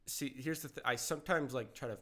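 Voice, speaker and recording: A man hosting a laid-back podcast, wandering from thought to thought and restarting his sentences often. He chuckles his way through, speaking at an ordinary middle pitch into a close podcast mic. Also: fairly quick, crowd noise. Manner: rambling, chuckling, lots of restarts. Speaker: podcast host. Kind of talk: casual chat. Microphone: studio-style podcast mic, audio only.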